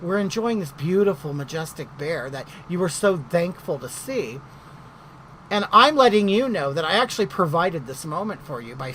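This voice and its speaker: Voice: medium pitch, a bit bright, a little hiss or hum, low-quality recording. A middle-aged vlogger telling a story in casual chat, gossipy and indignant.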